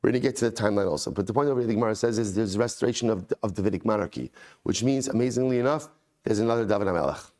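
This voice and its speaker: His voice is on the low side and his pace races as this rabbi gives a daily Talmud lesson. After chanting the original text, he explains it conversationally, with excited emphasis and phrases said again and again.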